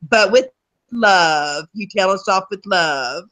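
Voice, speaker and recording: A middle-aged woman with a Southern US accent chats easily as a co-host. She laughs often and talks in a relaxed, homey way. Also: medium pitch, slow pace. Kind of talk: casual chat.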